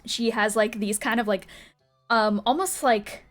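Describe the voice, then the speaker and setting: A woman's voice: fairly high pitch, measured pace, soft background music. A woman narrating as game master of a tabletop game in a casual, rambling way full of fillers.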